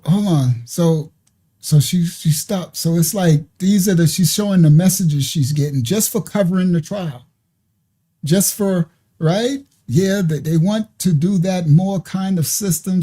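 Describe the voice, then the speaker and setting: Man commentator, warm, dark tone, preachy but casual, lots of "you understand?". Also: high-pitched. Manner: preachy, conversational, with frequent asides and checks like "you understand?". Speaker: online ministry commentator. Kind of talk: commentary reacting to played clips.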